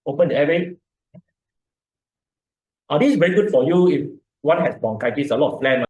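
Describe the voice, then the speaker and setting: Malaysian guy doctor explaining breathing stuff, kinda high voice, lots of room echo. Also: lively intonation, moderate pace, a little mellow. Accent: Malaysian English. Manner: explanatory, repeats words, demonstrates breathing and huffing. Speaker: doctor giving a lecture. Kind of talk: informal health lecture with demonstration. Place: lecture hall. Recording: echoey lecture room.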